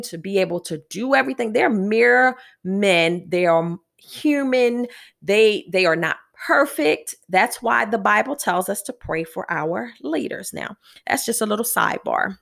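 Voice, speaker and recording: A woman's voice: medium pitch, vocal fry. A woman hosting a devotional podcast, reading Bible verses aloud and reflecting on them earnestly. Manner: earnest, reads scripture aloud then reflects. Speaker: podcast host.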